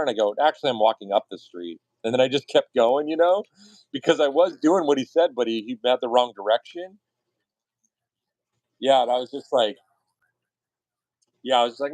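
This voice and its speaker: A man streaming his art while telling casual, profane stories, often jumping into high mock voices and bits of song. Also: lively intonation, brisk, a little mellow, dry recording, low-quality recording. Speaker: artist streaming his work. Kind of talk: casual storytelling chat.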